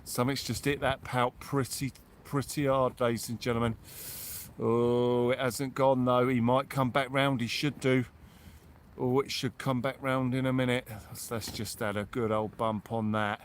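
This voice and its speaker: A man hosting a live fishing stream outdoors on the shore at night, giving excitable commentary and thanking his supporters one by one. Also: mid-range voice, moderate pace, a little hiss or hum. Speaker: fishing livestream host.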